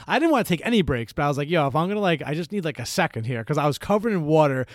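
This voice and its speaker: A young man in casual chat, telling animated, rambling stories full of swearing. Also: on the high side, rapid-fire, no room sound, studio quality.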